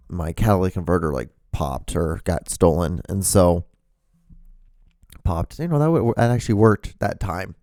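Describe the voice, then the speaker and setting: A man with a lowish voice hosts his own podcast from his room, talking to a camera. He rambles through stories in a loose, casual way, swearing freely and leaning on "like" and "you know." The recording is dry and close, with no room echo. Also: warm tone. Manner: rambling, profane, lots of fillers. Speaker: podcast host.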